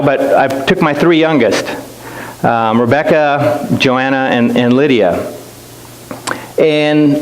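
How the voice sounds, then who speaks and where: Chatty middle-aged man in an echoey church. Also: on the high side. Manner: chatty, self-deprecating, many restarts. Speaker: guest missionary speaker. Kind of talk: storytelling church talk. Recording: echoey church hall with faint hiss.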